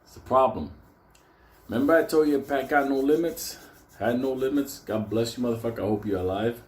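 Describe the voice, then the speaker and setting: A man's voice: medium pitch, brisk, darkish tone. A man telling a story casually, rambling, laughing and swearing a lot. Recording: roomy echo.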